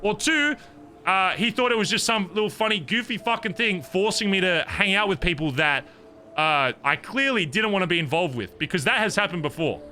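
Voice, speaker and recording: Animated, bright-voiced man venting in character. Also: sits high, brisk, a little hiss or hum. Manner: heated, profane venting, animated retelling. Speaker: streamer in character. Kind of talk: in-character roleplay conversation.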